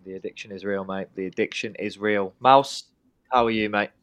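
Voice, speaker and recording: A man's voice: lowish voice, steady tone, normal speed, fairly bright tone, clean tone, no echo. A young man hosting a casual podcast, cheeky and swearing, hyping up his guests. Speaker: podcast host. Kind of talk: casual banter.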